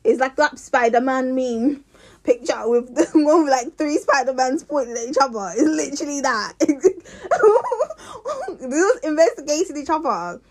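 A woman's voice: sits high, moderate pace, darkish tone. A young woman ranting to her viewers in a passionate, rambling way, with many restarts. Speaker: vlogger. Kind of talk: casual rant to camera.

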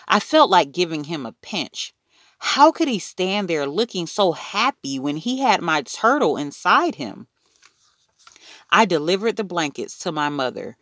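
A woman reading a children's story aloud in an expressive, unhurried narrating voice. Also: sits low, dry recording, clean studio sound. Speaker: audiobook reader.

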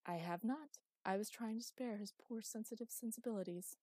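A woman voicing a cheeky adult woman who jokes in a brash, lively way. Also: a little high, normal speed, no room sound, clean studio sound, voice pushed up, close to an everyday voice. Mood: joking. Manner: brash, joking.

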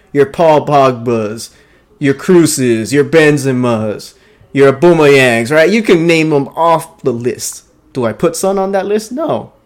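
A man co-hosting a soccer podcast, giving profane, mocking rants and laughing at his own jokes. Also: medium pitch. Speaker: podcast co-host. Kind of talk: casual soccer banter.

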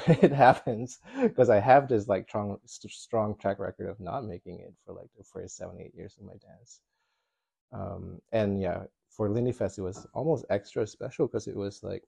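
A man's voice: low-pitched, gravelly, mellow, dry recording. A man chatting casually as a podcast guest, reflective and hesitant, laughing often. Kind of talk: casual chat.

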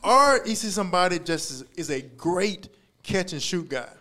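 A man co-hosting a casual podcast, playful and quick in his banter. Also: high voice, expressive, pushed and bright. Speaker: podcast co-host.

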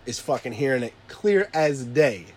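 A man in his thirties, a father, telling a story in profane casual chat and acting out his shouting kids and himself. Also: medium pitch, normal speed, slight background noise. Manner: animated, acts out his kids and himself yelling.

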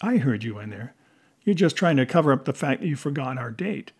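A teasing young woman detective, wry and playful, with a husky grain in the voice, as a man reads her in an audiobook. She speaks a little higher than the narration. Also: sing-song, brisk.

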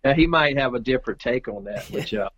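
A man's voice: medium pitch, animated, a little fast, fairly bright tone. A man, a guest telling a rambling, folksy story with loose grammar in casual chat. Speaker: interview guest, pool player.

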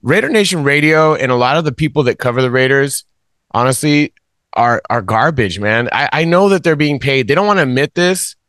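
A man's voice: mid-range voice, lively intonation, fairly quick, a bit bright, no echo, studio quality. A man hosting a casual sports podcast, talking frankly and emphatically with a rambling flow. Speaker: podcast host.

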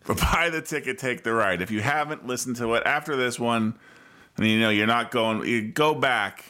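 Just a regular guy cohosting a podcast, dry wry delivery, mid pitch. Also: normal speed, bright, forceful tone. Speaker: podcast co-host. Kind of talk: casual banter.

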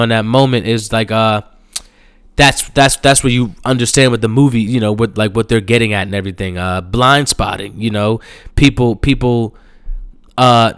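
A man's voice: medium pitch, a bit bright, clear, resonant tone, no room sound, studio quality. A man casually recapping a movie in loose street slang, rambling with many restarts and fillers.

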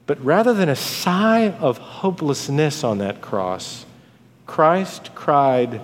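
A man preaching a sermon as a pastor, swinging from dramatic rises to hushed drops on key words. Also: a little high, animated, slow pace. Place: church sanctuary. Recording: long hall reverb.

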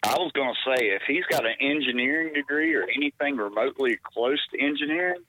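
A man's voice: mid-range voice, fast, pushed and bright, dry recording, lo-fi sound. A man calling in to a radio talk show and chatting with the host in a conversational way, asking questions. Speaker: caller.

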